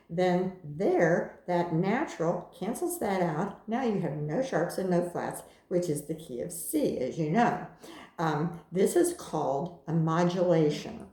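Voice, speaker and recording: A woman's voice: lowish voice, warm tone, reverberant. A woman teaching violin, explaining the music patiently and calling out cues as she plays. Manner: patient, calls out cues while playing. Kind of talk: music lesson instruction.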